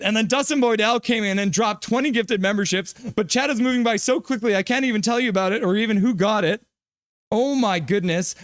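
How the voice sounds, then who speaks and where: High-pitched guy calling hockey live on his stream, rattling off plays and chat names. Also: no room sound, studio quality. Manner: eager rapid play-by-play, reading viewer names aloud.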